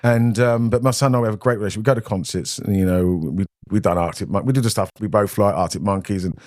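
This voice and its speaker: British male guest, low voice, close and dry, chatty rambling storyteller who mimics the voices of the people in his stories. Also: quick pace, a little mellow, no echo. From Britain. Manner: rambling anecdotes, often acting out quoted voices. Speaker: podcast guest. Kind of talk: casual storytelling.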